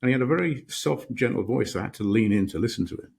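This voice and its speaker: A man's voice: medium pitch, expressive, fast talker, creaky, darkish tone, breathy edge. A middle-aged British man, a podcast guest, telling stories reflectively with many restarts. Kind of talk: storytelling in a podcast interview.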